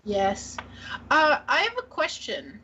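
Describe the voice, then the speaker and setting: A woman from Canada co-hosting a casual gaming podcast, her voice sitting a little high. She rambles, hesitates and trails off mid-thought. The sound is slightly muffled, with a faint hiss behind it. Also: huge pitch swings, takes it slowly, sharp tone. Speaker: podcast co-host.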